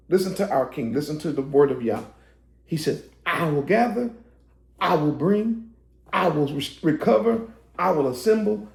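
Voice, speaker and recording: Man, preacher, hoarse, gravelly, emphatic sermon, roomy echo. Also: fairly high pitch. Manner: rising to emphatic, shouted preaching. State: voice getting hoarse. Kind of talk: sermon preaching to online viewers.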